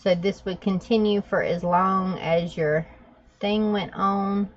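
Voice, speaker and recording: Animated woman vlogger, lo-fi sound. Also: mid-range voice, slow. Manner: animated, laughing storytelling. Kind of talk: casual chat and drawing tutorial. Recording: dull lo-fi sound.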